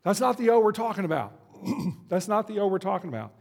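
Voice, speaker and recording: A man giving a conversational Christmas sermon as a pastor, slowing down to stress key words. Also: sits high, very animated, gravelly, a little mellow. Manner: conversational, slows down for emphasis. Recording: long hall reverb.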